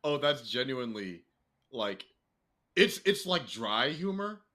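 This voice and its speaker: A young man co-hosting a casual podcast, talking freely with swearing and laughter, jumping into a high excited voice. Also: slow. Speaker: podcast co-host. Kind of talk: casual chat.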